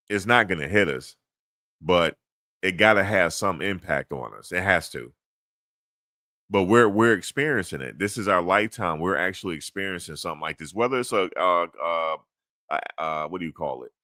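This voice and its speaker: A man's voice: low voice, bright, forceful tone, no echo, studio quality. A middle-aged man hosting a casual chat, laid-back and rambling, chuckling at his own jokes. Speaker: podcast host.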